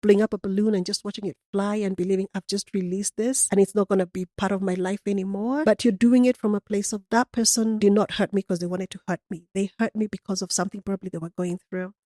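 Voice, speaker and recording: A woman's voice: mid-range voice, quick pace, hardly any pauses, no echo, studio quality. A woman coaching on customer service, telling vivid workplace stories in a conversational interview and acting out the voices in them. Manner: animated storyteller acting out quoted dialogue.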